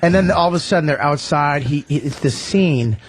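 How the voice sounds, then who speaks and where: A man who is a regular on a radio show, telling a story in an excitable, rambling way with lots of stammering restarts. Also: a little high, fairly quick, slight background noise. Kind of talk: casual radio chat.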